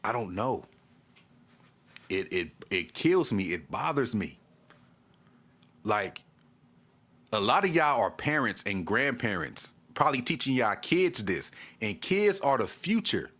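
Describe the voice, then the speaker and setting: A man's voice: on the low side, sing-song, slow, pauses often, a bit bright. A man vlogging a fan rant, exasperated, repeating himself and stammering as he restarts. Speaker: sports vlogger. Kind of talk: ranting fan commentary to camera.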